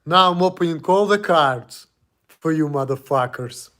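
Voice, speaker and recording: A man's voice: fairly high pitch, a little slow, bright, forceful tone. Defiant man ranting at home. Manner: blunt, defiant, profane, laughs at himself. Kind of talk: casual vlog rant.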